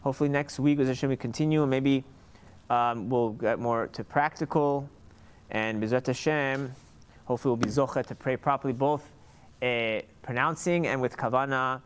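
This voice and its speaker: A man giving an informal lesson on Hebrew letter sounds, sounding them out slowly and often restarting his sentences. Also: mid-range voice, fairly even intonation, slight background noise. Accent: Sephardic Hebrew pronunciation. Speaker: Hebrew reading teacher.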